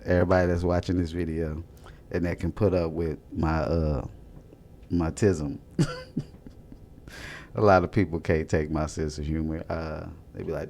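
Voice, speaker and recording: A man's voice: sits low, gravelly, dark tone, slight background noise. A young man in his twenties chatting casually at home into a desk mic, joking loosely, laughing often, and using a lot of slang. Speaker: vlogger. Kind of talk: casual rambling chat.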